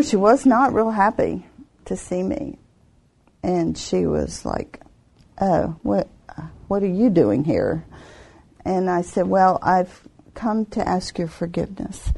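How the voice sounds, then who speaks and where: Soft, gravelly woman telling her testimony. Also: fairly low pitch. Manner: earnest, reflective storytelling with soft laughs. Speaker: speaker telling a personal testimony. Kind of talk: personal testimony talk.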